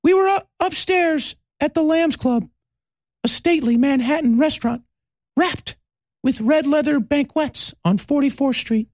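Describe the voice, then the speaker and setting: Prissy TV newsman, voice pushed sky-high and squeaky, mock-solemn read. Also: measured pace, a little mellow, no room sound, clean studio sound. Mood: self-important. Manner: mock-solemn storybook reading. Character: high-pitched prissy male TV journalist, self-important.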